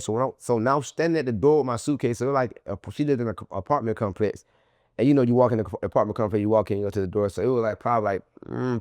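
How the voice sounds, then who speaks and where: A man being interviewed as a guest, telling his story in animated, profane slang and acting out what others said in a raised voice. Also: mid-range voice, dry recording, studio quality. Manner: acts out quoted people in a raised voice.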